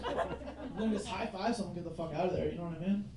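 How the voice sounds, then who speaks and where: With a crowd audible behind him, a twenty-something comic talks fast in a high-pitched voice during a meandering bar stand-up set, peppering it with "like" and "you know what I mean." The recording captures the spacious room from afar, with a live audience present.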